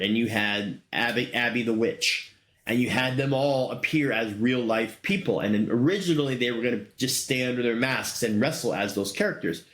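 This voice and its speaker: A middle-aged man talks with eager, rambling enthusiasm as he hosts his own show, his voice sitting at a middle pitch. Fillers crop up often between his thoughts, and the sound carries a noticeable roomy echo. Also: a bit bright. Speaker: podcast host. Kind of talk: casual solo commentary.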